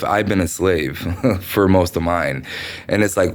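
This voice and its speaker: A man's voice: deep voice, unhurried. A man from the United States talking through a meandering personal monologue, swearing often and leaning on fillers. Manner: meandering, profane, many fillers.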